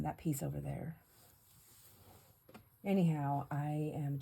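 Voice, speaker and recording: A middle-aged woman crafts on camera while casually rambling through funny stories about her family, laughing often and mimicking others. Her voice sits low, gravelly and warm, with a breathy edge.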